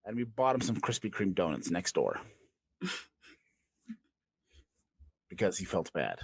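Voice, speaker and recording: A man's voice: low voice, sing-song, measured pace, gravelly, breathy edge, no room sound. A man co-hosting a comedy podcast, spinning absurd made-up stories in a playful, joking way. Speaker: podcast co-host.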